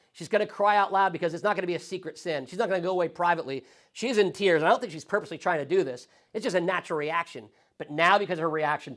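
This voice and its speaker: A man teaching a Sunday school Bible study as pastor, animated and acting out quoted lines in different voices. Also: a little high. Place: church classroom.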